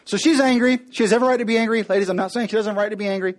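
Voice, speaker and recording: High-voiced playful preacher man. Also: steady tone, racing. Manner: acts out characters with voices, playful, addresses congregation. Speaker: pastor. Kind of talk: comedic sermon storytelling.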